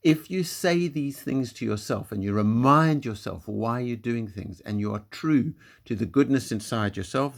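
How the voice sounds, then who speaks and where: A man with a lowish voice gives a school assembly talk to young pupils. He speaks gently and simply, building up their confidence. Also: gravelly, breathy edge.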